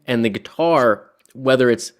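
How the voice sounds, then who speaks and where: A man's voice: mid-range voice, a little slow. A man hosting a casual live interview, reacting with eager enthusiasm to his guest. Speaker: host.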